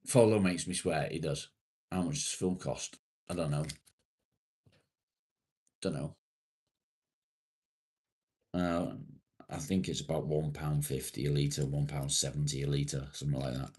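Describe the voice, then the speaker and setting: A man's voice: very deep voice, steady tone, measured pace, pauses often, a little mellow, husky. A man hosting a casual live stream, reading viewers' comments aloud, swearing freely and rambling in a self-deprecating way.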